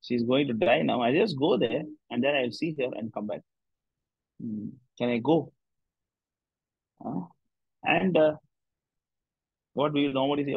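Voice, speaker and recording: A man's voice: mid-range voice, unhurried, creaky, long pauses, slightly rough, no echo, narrow, tinny audio. A man, a spiritual teacher leading a discussion group, telling a devotional story in a loose, rambling way with many "you know" fillers.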